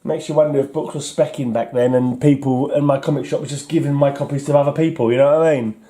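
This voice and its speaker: A man's voice: medium pitch, steady tone, fast talker, dark tone. An English man in casual vlog talk, wryly chuckling and mocking himself as he sorts through his comics. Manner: wry, chuckling, self-mocking. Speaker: comic collector vlogger.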